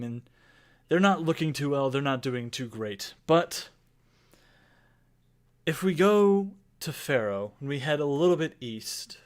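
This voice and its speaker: Man, game master, tabletop narration, mid-pitched voice, rambling.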